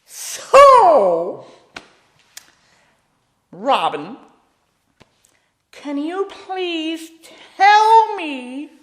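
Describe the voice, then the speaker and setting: A man's voice: extremely high pitch, a bit bright, pitched above the performer's own voice, full character voice. A man voicing a cackling, wheedling male clown villain in a sing-song, menacing way. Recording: roomy echo.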